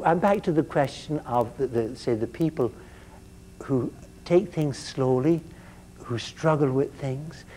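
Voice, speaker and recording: Older guy lecturing, mellow low tone, keeps stammering and restarting, dry jokes, faint hum on the tape. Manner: halting, repeats words, wry humor. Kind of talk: university lecture.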